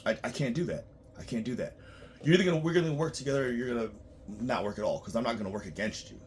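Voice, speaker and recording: A man working as a tax preparer, ranting bluntly and profanely in a monologue, swinging between loud outbursts and low muttering. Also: rapid-fire, a little hiss or hum.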